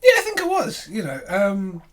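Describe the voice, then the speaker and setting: A man's voice: high-pitched, wildly swooping pitch, moderate pace, fairly bright tone. A man co-hosting a podcast, recapping a film in casual chat with lots of agreeing and fillers. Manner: chatty, frequent agreeing and fillers, swears casually. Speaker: podcast co-host.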